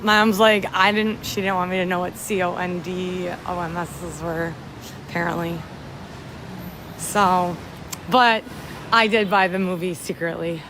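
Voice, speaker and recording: Young woman, livestream host, rambling casual chat, phone mic, loud traffic around her. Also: fairly low pitch, fairly even intonation, measured pace. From upstate New York. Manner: chatty, rambling, reads out and thanks viewers. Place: city street at night, outdoors in rain. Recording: street noise under the voice.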